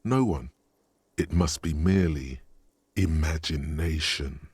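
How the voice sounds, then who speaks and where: A man voicing the brooding inner-voice narrator of a detective video game, deadpan and insinuating. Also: a bass voice, slow pace, breathy edge, no echo, exaggerated voice.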